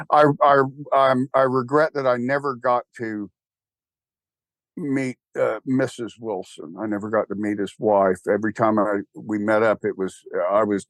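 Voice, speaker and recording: An older man with a Texan accent, an interview guest talking casually in a rambling, animated and wry way. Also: fairly low pitch, no room sound. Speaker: interview guest, church founder.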